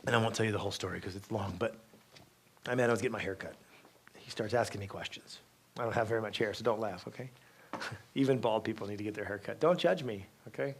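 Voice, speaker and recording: A man's voice: lowish voice, quick pace, a little hiss or hum. Guy giving a campus talk, keeps saying okay? right?, rambly storyteller. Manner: lively storytelling with many asides and restarts; asks "okay?" and "right?" to check in with the audience. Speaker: guest speaker. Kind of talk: university lecture.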